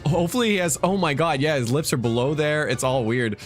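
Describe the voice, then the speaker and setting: Animated, laughing male streamer. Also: a little high, fast talker, soft background music. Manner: laughing, animated, joking commentary. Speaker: streamer co-host. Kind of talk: casual gameplay reaction chat.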